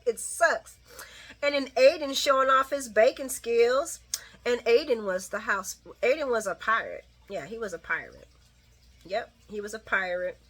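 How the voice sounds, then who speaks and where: A woman casually recapping a soap opera episode, laughing often and acting out the characters' lines in quick little voices. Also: medium pitch. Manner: animated and giggly, acts out characters' lines. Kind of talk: casual chat.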